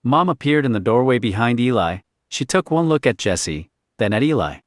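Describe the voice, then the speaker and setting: A man reading a story aloud in a quiet, clipped, understated way. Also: medium pitch, lively intonation, moderate pace, no room sound, clean studio sound. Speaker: narrator. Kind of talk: scripted story narration.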